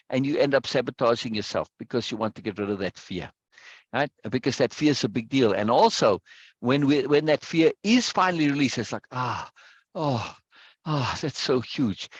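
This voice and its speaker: A man's voice: medium pitch, expressive, brisk, slightly rough. Man giving a reflective teaching talk. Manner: explanatory, often checking in with "right?". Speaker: discussion leader. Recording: dull, dry lo-fi recording.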